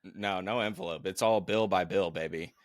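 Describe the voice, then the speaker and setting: A man's voice: deep voice, moderate pace, dry recording. A man co-hosting a casual podcast, telling a rambling anecdote, swearing and laughing as he goes. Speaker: podcast co-host.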